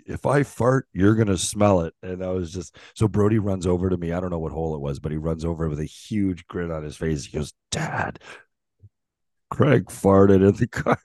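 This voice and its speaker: A middle-aged man with a very low voice spins animated stories in a casual podcast chat. He swears freely and acts out the quotes. The recording is dry and close. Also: no room sound. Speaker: podcast co-host, former pro hockey player.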